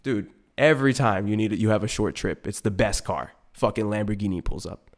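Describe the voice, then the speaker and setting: A man's voice: on the low side, brisk. A young man hosting a podcast, rambling through a profane, comedic monologue and slipping into voices for the people in his stories. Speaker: podcast host.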